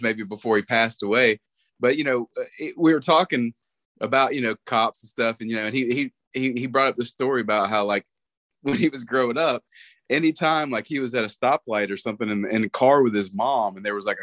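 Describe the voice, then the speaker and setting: A man's voice: mid-range voice, fairly bright tone, no room sound. A middle-aged man talking casually about a late friend, rambling with lots of fillers. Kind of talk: casual conversation.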